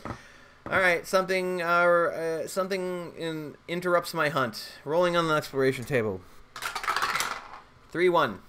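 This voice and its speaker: A man's voice: fairly high pitch, a little slow, long pauses, pushed and bright, clean tone. A man playing a solo tabletop role-playing game, rambling, joking and swearing as he goes. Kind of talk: casual solo play commentary.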